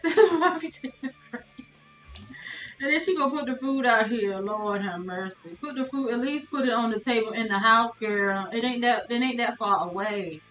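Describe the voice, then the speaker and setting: A woman's voice: fairly high pitch, moderate pace, fairly bright tone, reverberant, soft background music, low-quality recording. A woman streamer commentating a life-sim game live, exasperated and laughing as she talks to her chat.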